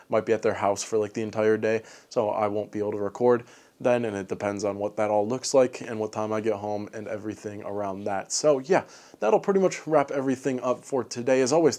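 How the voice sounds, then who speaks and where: Late at night, a fitness vlogger with a lowish, darkish voice talks a little quickly through a casual recap of his day. His rambling is full of fillers, and he wraps up with cheerful encouragement.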